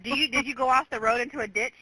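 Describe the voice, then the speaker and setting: A woman's voice: high-pitched, steady tone, racing, pushed and bright, slightly rough, dry recording. A woman working as an emergency dispatcher, firmly repeating instructions over a phone line. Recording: telephone line.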